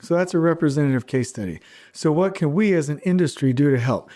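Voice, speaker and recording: A man's voice: on the high side, expressive, quick pace, warm tone. Fired-up combative man ranting. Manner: blunt, combative, repeats points for emphasis. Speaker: podcast host. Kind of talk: fired-up podcast rant.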